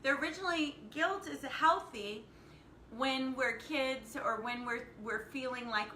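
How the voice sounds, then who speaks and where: A woman's voice: sits high, unhurried, bright, forceful tone. Woman, life-coach live-streamer, upbeat, calls out commenters by name; roomy echo. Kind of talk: casual live-stream chat with viewers. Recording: echoey room with faint background noise.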